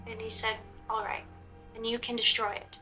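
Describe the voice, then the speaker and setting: A woman's voice: fairly high pitch, level tone, normal speed, over music. A young woman casually recounting a role-play event, rambling with many fillers and restarts and acting out the quoted dialogue. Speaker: vlogger recounting a LARP event. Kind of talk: casual storytelling vlog narration.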